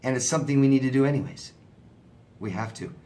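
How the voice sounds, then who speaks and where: A man's voice: mid-range voice, quick pace, mellow, a little hiss or hum. A man answering viewer questions as a relationship coach, in a conversational, sympathetic way, often asking "right?". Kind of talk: casual advice talk.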